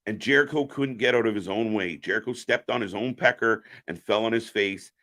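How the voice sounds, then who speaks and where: A man's voice: fairly low pitch, fairly quick, fairly bright tone. A man hosting a live reaction stream, giving opinionated, profane commentary.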